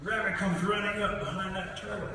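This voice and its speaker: A man telling stories to students in a lively way, chuckling at his own jokes and acting out the voices. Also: sits high, fairly quick. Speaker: storyteller. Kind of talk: storytelling to students. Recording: echoey hall from far off, background noise.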